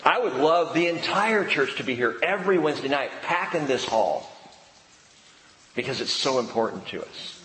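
A man preaching a sermon as a pastor, shifting from loud animated bursts to hushed, slow emphasis. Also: mid-range voice, slight background noise. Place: church hall. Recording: roomy hall reverb, faint background ambience.

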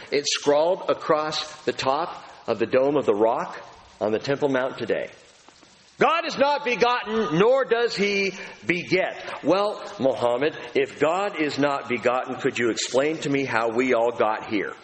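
A man preaching a sermon as pastor to a large auditorium, emphatic, with slow stressed phrases that rise as he builds. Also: medium pitch, in a large hall, low-quality recording.

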